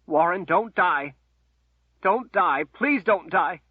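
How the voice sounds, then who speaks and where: A man's voice: sits high, animated, unhurried, creaky, slightly rough, dry recording, pitched above the performer's own voice, heavily acted. A man voicing a grief-stricken woman sorceress, pleading with a choked, tearful voice over a tinny phone-like line. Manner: choked, pleading through tears.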